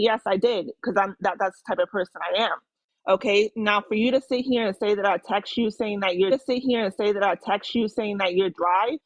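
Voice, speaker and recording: A woman's voice: mid-range voice, fairly quick, no echo, rough recording. A young woman, a former moderator, confronting someone on a live stream with sarcastic, heated talk.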